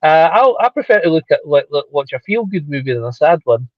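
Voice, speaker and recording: Halting middle-aged man on a dull line. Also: a little high, sing-song, no echo. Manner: halting, many repeated words, chuckles. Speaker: livestream co-host. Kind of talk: casual chat. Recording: dull lo-fi call audio.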